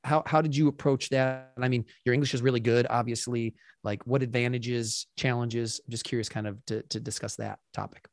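A man's voice: mid-range voice, a little fast, few pauses, dry recording. Chatty male podcast host, dry sound. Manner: chatty, lots of fillers, lively storytelling. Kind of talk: casual interview chat.

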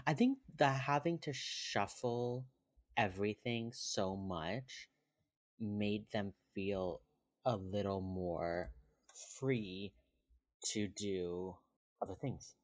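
A man's voice: lowish voice, takes it slowly. A man co-hosting a podcast in casual chat, recapping an episode in a laid-back way and often chuckling. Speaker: podcast co-host.

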